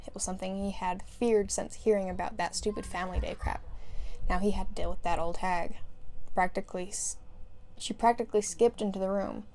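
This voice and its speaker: A woman's voice: mid-range voice, steady tone, a little fast, a little mellow, a little hiss or hum. Casual woman reading a story aloud. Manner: giggles through lines, stumbles and restarts. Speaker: fan fiction reader.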